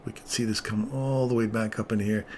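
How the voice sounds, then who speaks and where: Rambling, lower-voiced man teaching trading. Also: steady tone, brisk, darkish tone, a little hiss or hum. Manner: casual, rambling, easily sidetracked. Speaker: trading channel host. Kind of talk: live trading commentary.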